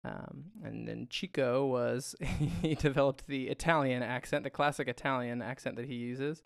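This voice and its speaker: A man co-hosting a film podcast, talking loosely and laughing as he goes. His voice has a gravelly, fry-edged texture. The sound is close and dry, with no room around it. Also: mid-range voice, steady tone, normal speed, dry recording. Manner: chatty, laughs often, trails off with fillers. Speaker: podcast co-host. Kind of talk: casual chat.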